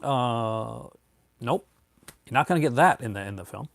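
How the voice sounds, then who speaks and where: A man's voice: medium pitch, animated, moderate pace, creaky, no room sound. Laid-back rambling man with a dry sound. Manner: rambling, many fillers and restarts. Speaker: live stream host. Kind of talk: casual live-stream chat, answering viewers.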